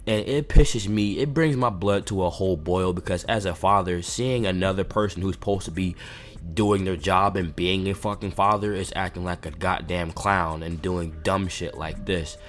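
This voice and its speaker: A man's voice: sits low, steady tone, moderate pace. A man hosting a commentary video, a father speaking in a heated, indignant rant. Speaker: commentary channel host. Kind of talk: reaction commentary. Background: faint background music.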